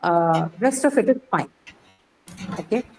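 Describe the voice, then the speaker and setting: A woman teaching an English class, explaining slowly and checking in with "right?" after each point. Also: mid-range voice, animated, soft background music, low-quality recording. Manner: explains patiently, says "right?" often. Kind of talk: online class lecture.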